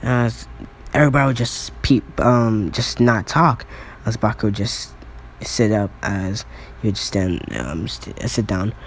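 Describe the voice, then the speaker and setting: A man's voice: fairly low pitch, measured pace, a little hiss or hum. A man improvising a fan story as narrator, rambling with lots of asides and self-corrections. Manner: rambling, many fillers and restarts. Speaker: channel storyteller.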